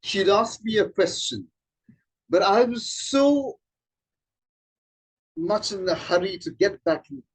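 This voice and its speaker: A man, a trainer, explaining slowly and demonstrating vowel sounds. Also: sits high, expressive, breathy edge, poor audio. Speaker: accent trainer. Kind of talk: informal spoken explanation.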